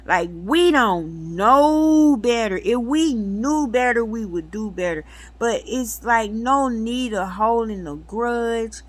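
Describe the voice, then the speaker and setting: Slow, emphatic woman telling a story. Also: a little high, lively intonation. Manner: emphatic, addresses listeners directly. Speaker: metaphysics channel host. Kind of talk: personal storytelling to viewers.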